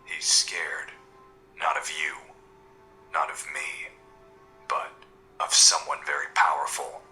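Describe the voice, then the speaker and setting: A man voicing a brooding masked vigilante who narrates in low, hushed, terse lines in an audio drama. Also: little pitch movement, takes it slowly, whispered, soft background music, exaggerated voice, rough recording. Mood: grim.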